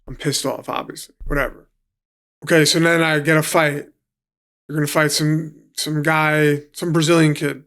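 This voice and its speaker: NY man, gravelly and a bit high-pitched, casual guest storyteller who swears a lot. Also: flat delivery, normal speed, fairly bright tone. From New York City. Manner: swears freely, acts out quotes. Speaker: guest, professional fighter.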